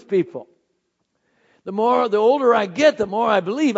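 A male pastor preaching a sermon, swinging from loud, high shouted phrases to soft, low, intimate ones. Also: expressive, normal speed, gravelly, highs cut off.

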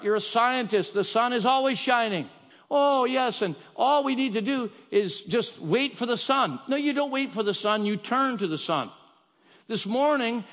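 A man's voice: high-pitched, a bit bright. A man preaching a sermon in a church sanctuary, talking in an emphatic, repetitive, exhorting way. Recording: dull echoey church hall.

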